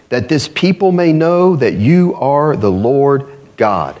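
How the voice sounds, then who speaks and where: A man preaching a sermon to a congregation, reading scripture aloud, asking the room for responses and leaping to emphatic high calls before dropping low and slow. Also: animated, darkish tone. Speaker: pastor.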